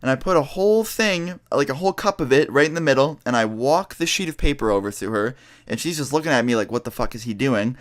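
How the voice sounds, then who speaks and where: A man telling a childhood story in a vlog, talking fast, animated and full of swearing. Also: a little high. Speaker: vlogger.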